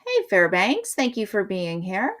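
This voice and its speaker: A woman's voice: medium pitch, huge pitch swings, measured pace, a bit bright. A middle-aged woman hosting a live stream, chatting casually and rambling in a friendly way.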